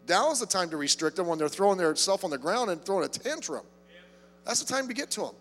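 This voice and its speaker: Emphatic preacher man, high voice. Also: expressive, a little fast, a bit bright, in a large hall, soft background music. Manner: emphatic, repeats words when starting phrases. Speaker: pastor. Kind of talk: sermon.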